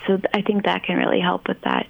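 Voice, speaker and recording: A woman speaking as a child therapist guest in a casual podcast conversation, thoughtful and unhurried, with many ums and you-knows. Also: fairly low pitch, wildly swooping pitch, vocal fry, rough recording.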